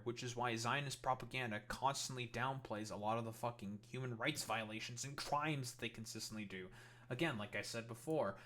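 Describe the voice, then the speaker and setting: A man's voice: medium pitch, fairly bright tone. Heated swearing political commentator man. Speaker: streamer reacting to clips.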